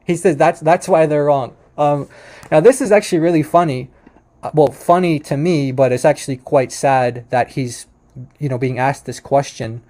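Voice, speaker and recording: A man's voice: a little high, moderate pace, mellow. A man hosting a commentary on a video, explaining and correcting points patiently at his computer. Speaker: host.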